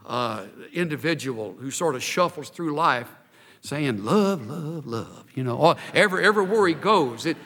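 A man delivers a sermon from the pulpit with lively, swinging emphasis. His voice is bright and fairly high for a man. It rings with a long reverb, as in a church sanctuary. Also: normal speed. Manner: animated, emphatic preaching with rising intensity. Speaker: preacher. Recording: reverberant hall.

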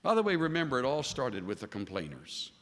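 A man preaching a sermon as a pastor, animated and voicing the figures he quotes. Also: mid-range voice, brisk. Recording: long hall reverb.

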